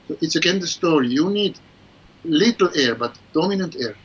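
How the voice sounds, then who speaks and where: A man's voice: fairly high pitch, expressive, moderate pace, breathy edge. A man, a guest oboist, explaining his practice technique in an online interview and singing syllables to demonstrate. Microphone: video call. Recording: muffled lo-fi online call with faint ambience.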